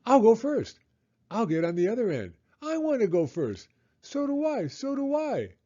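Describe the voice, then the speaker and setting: A man doing excited shouting children. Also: fairly high pitch, measured pace, husky, highs cut off, pitched above the performer's own voice, full character voice. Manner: eager, shouting over each other.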